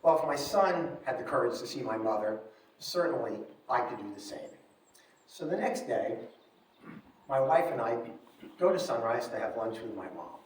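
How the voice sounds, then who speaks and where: A middle-aged man telling a personal story on stage, wry and animated, acting out the lines he quotes. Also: medium pitch, moderate pace. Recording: echoey room, from far off.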